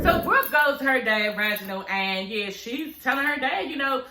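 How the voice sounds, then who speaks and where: A woman recapping a reality TV show in a sassy, profane, animated way, talking straight to her viewers. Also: fairly high pitch, normal speed, hardly any pauses, echoey room, noisy background. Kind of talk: casual, profane recap chat.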